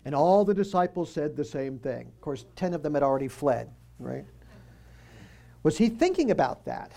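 A man's voice: fairly high pitch, lively intonation, normal speed, gravelly, mellow. A man giving a conversational Bible teaching. He quizzes his listeners and drops joking asides as he walks through the passage.

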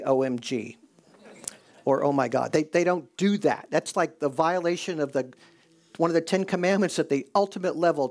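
A man preaching a conversational sermon and slowing down to stress key points. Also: fairly high pitch, darkish tone. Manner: conversational preaching, slows for emphasis. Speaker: pastor.

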